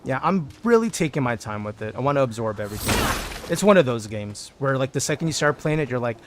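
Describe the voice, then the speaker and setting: A man's voice: mid-range voice, very animated, fast talker, background noise. A man streaming a video game, chatting casually with his viewers and thinking aloud as he plays. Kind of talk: casual gameplay commentary.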